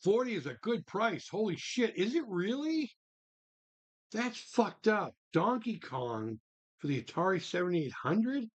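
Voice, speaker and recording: Male stream host, casual and profane, slightly high, very animated pitch, rambling delivery. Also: unhurried. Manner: animated, swears freely, exclaims in disbelief. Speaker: livestream host reading viewer chat. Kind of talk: casual live-stream chat.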